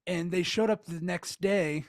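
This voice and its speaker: Man, casual podcast chat, rambling, laughing, cursing, higher voice, dry sound. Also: a little slow, no room sound. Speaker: podcast co-host.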